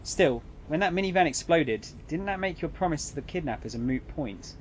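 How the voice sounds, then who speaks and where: A man reading the lines of a cool, snide male embassy agent in a visual novel, calm and condescending. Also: a little high, a little fast, a little hiss or hum, natural voice.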